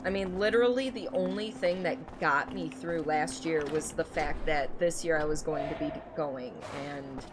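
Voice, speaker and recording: A young woman streams a game from home and chats easily with her viewers, often breaking into laughter. Her voice sits a little low, and a steady hum of noise runs under her mic. It sounds like a casual, unscripted gaming stream. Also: moderate pace, hardly any pauses. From Michigan, United States. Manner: chatty, laughs often, talks to chat. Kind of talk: casual gameplay stream chat.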